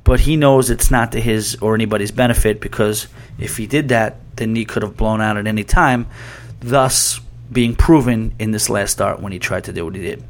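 A man hosting a podcast, talking casually and rambling, often restarting his sentences. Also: mid-range voice. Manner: rambling, restarts mid-sentence, reads listener email aloud. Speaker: podcast host. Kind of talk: casual sports talk.

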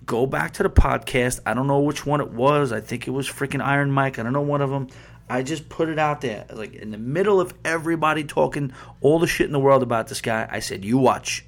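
A man's voice: medium pitch, brisk, creaky. A man hosting a sports podcast, ranting in a heated, profane, rambling way full of restarts and asides. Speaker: podcast host. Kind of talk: casual sports podcast rant.

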